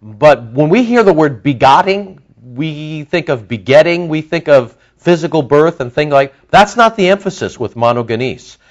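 A male pastor preaching a sermon in an animated way. His pitch swings widely as he stresses words and breaks into asides. The recording sounds dull and lo-fi. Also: normal speed, hardly any pauses.

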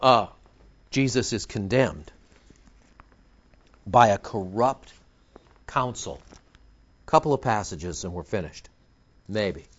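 A man's voice: lowish voice, expressive, slow pace, long pauses, highs cut off. A man preaching a sermon as pastor, emphatic and confrontational, scolding his listeners.

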